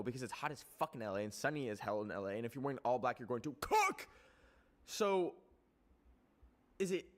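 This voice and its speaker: Rambling, foul-mouthed young Canadian man. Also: fairly high pitch. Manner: animated, rambling, heavy swearing and filler words. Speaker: streamer. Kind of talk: casual rant to a live chat.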